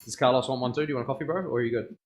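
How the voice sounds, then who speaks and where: A man's voice: mid-range voice, very fast. A young man chatting casually in a tattoo studio while he works, laughing often and using plenty of slang. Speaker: tattoo artist streaming. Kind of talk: casual live-stream chat.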